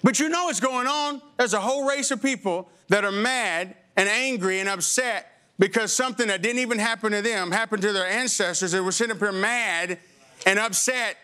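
A middle-aged man preaching a sermon as pastor to his congregation in a church, with impassioned emphasis that rises high and then drops low and slow. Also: pushed and bright, clean tone. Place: church sanctuary before a congregation.

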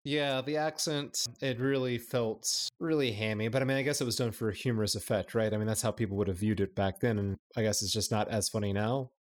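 A man's voice: on the low side, fairly even intonation, brisk, few pauses. A man co-hosting a podcast in casual chat, thinking aloud and rambling with restarts. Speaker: podcast co-host.

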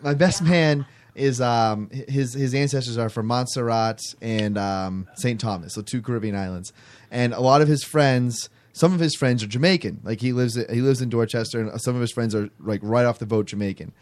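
A man's voice: mid-range voice, moderate pace, darkish tone. A man casually telling a rambling, self-amused story on a podcast, restarting his phrases as he goes.

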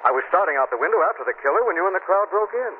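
An actor playing a suave gentleman hero who talks in an urgent, persuasive way, in 1940s radio acting. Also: high voice, animated, very fast, slight background noise. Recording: tinny old radio broadcast.

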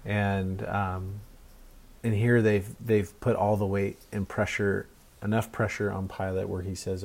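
A man preaching a sermon in a conversational, halting way with many restarts. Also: fairly low pitch, fairly even intonation, darkish tone. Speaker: pastor.

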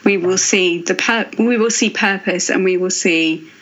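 A woman's voice: fairly low pitch, a bit bright. Earnest, thoughtful woman on a dull line. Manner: earnest, thoughtful, with pauses and restarts. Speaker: author and guest. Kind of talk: reflective faith podcast conversation.

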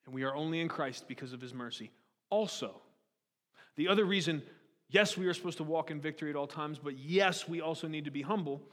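A pastor with a fairly high, slightly bright voice preaches briskly, his tone rising and pressing as he fires rhetorical questions at listeners. The sermon rings through a church hall with a long reverb tail.

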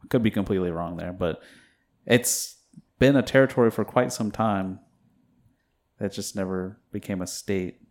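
A man's voice: low voice, normal speed, darkish tone. A man co-hosting a casual podcast chat, talking in a laid-back, hesitant way and laughing often. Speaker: podcast co-host.

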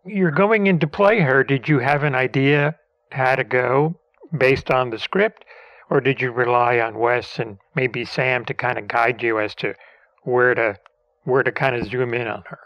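A man's voice: mid-range voice, unhurried, dry recording, lo-fi sound. A man interviewing actors, asking questions and giving short affirming replies. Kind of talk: interview questions and voice-over intros.

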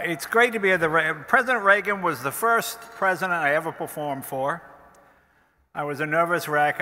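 A man's voice: on the high side, slight background noise. An older man, a comedian, telling anecdotes on stage at a live event, acting out the people in his stories. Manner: animated storytelling, acts out the people in his stories. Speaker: comedian, guest speaker. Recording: reverberant hall from a stage mic.

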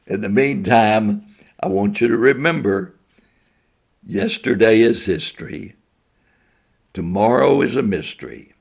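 An older man, a retired school principal, telling folksy stories from his school days in a slow, homespun way with chuckling asides. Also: fairly low pitch, lively intonation, vocal fry, slightly rough. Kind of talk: folksy spoken storytelling.

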